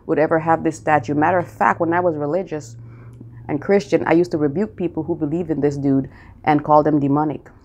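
A woman's voice: low voice, a little mellow, muffled recording. A woman who calls herself a mystic, talking casually to camera and answering a viewer's question about spiritual matters. She preaches emphatically, repeats key phrases for stress and keeps checking in with her viewers. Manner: addresses viewers directly with "okay?" and "you guys".

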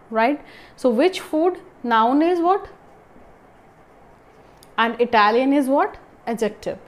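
A young woman with a fairly high voice leads a grammar lesson. She keeps asking questions and answering them herself, with restarts and fillers as she explains. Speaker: English grammar teacher. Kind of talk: classroom lesson.

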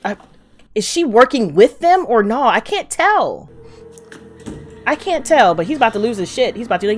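A woman's voice: a little high, very animated, normal speed, long pauses. A woman with hosting a casual reaction video, profane and emphatic, talking back to the screen. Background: drama audio playing underneath.

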